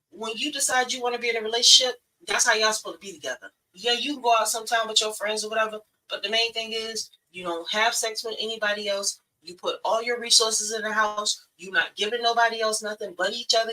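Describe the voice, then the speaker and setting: A woman's voice: fairly high pitch, pushed and bright, far from the mic, low-quality recording. A woman giving blunt, preachy relationship advice in a casual live stream, talking straight to women viewers.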